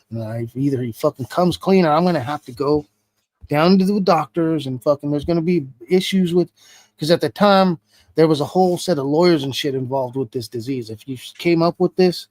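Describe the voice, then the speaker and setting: A man's voice: fairly high pitch, a little fast, dry recording. Foul-mouthed man telling a story. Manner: profane, animated retelling with heavy swearing. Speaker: interview guest. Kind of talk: casual storytelling interview.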